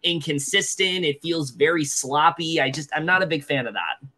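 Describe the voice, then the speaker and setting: Bright-voiced young man recapping casually. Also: a little high, normal speed. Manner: rambling, many fillers and restarts. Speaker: podcast co-host.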